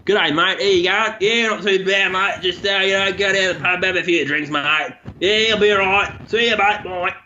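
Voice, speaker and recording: A man's voice: high voice, moderate pace, hardly any pauses, pushed and bright, muffled recording, a little hiss or hum, pitched above the performer's own voice. A man doing a friendly, laid-back male Australian bogan with a broad accent. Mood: cheery. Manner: easygoing, drawling, friendly.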